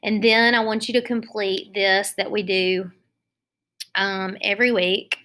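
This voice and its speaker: A woman teaching a phonics lesson to young children, explaining each step slowly and patiently. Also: mid-range voice, fairly even intonation, pushed and bright.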